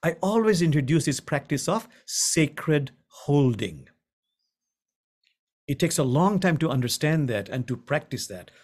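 Gentle man teaching with lively pitch. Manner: gentle, repeats key phrases slowly for emphasis. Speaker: imam and spiritual teacher. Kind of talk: guided contemplative teaching. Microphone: video call.

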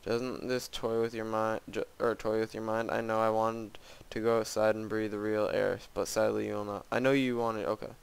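A man's voice: lowish voice, little pitch movement, normal speed, vocal fry, few pauses, clear, resonant tone. A man giving casual let's-play commentary on a custom game map, gasping and exclaiming often and mocking himself. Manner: frequent gasps and exclamations, self-mocking. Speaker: gamer playing a custom map.

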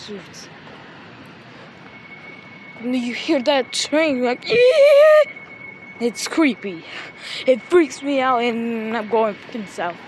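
A woman's voice: fairly high pitch, lively intonation, slow pace, long pauses. A woman improvising a toy story, grumbling and making threats in a rambling way. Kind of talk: improvised toy play-acting. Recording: noisy home recording.

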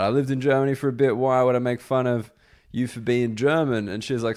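A man hosts his podcast in a relaxed, chatty way, rambling through a story with plenty of fillers. His voice is smooth and clear, sitting at an ordinary middle pitch. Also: fast. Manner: loose storytelling with frequent fillers. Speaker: podcast host and comedian. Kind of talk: casual storytelling and chat.

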